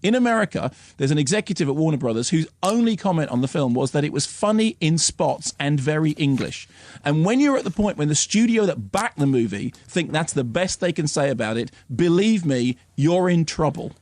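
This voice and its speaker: A man's voice: on the high side, sing-song, a little fast, darkish tone, no room sound. A man reviewing films on the radio in a sardonic, ranting manner, breaking into mocking impressions. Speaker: film critic.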